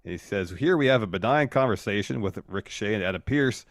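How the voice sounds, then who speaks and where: A man's voice: fairly low pitch, animated, fast talker, no echo, clean studio sound. A man co-hosting a podcast, narrating events play by play and hamming up quoted lines. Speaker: podcast co-host. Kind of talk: casual recap chat.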